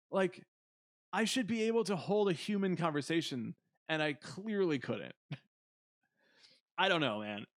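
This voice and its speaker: A man's voice: high voice, lively intonation, moderate pace, long pauses, fairly bright tone, no echo, clean studio sound. A young man co-hosting a casual podcast, telling awkward stories on himself with lots of laughing and swearing. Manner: self-mocking, laughing, swearing storyteller. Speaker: podcast co-host.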